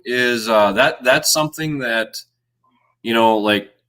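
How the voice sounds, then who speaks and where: With a medium-pitched, bright, forceful voice, this guest from Minnesota talks about the outdoor videos he makes during a casual livestream chat. His speech is loose and halting, full of restarts and fillers.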